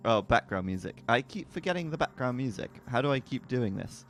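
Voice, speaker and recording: A man's voice: mid-range voice, animated, fairly quick, fairly bright tone, soft background music. A man casting a strategy game match in a casual, joking way, sometimes stumbling over names. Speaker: esports commentator.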